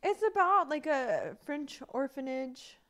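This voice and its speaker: A woman joins a podcast as a guest and chats casually, joking and playing along. Her voice is fairly high. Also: big pitch swings, takes it slowly, fairly bright tone. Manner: playful, jokey. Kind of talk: casual chat.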